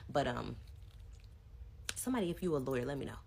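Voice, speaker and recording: A woman's voice: a bass voice, animated, fast talker, creaky, darkish tone, breathy edge. A woman telling her own marriage story to her viewers in a chatty, casual way, talking straight to them. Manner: chatty, addresses viewers directly.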